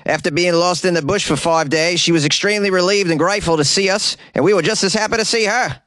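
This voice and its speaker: A male Australian police sergeant with a broad mock Australian accent, pitched well above a normal speaking voice, as a man puts him on in a dry closet. He sounds calm and official, with the accent laid on thick. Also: quick pace, no room sound. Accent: put-on Australian. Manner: exaggerated mock accent, higher than his own voice.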